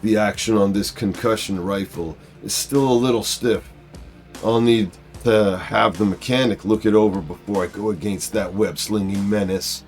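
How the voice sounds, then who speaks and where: A man's voice: on the low side, steady tone, normal speed, darkish tone, soft background music, close to an everyday voice. A man voicing a hard, blunt male vigilante from a comic book in a clipped way. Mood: grim.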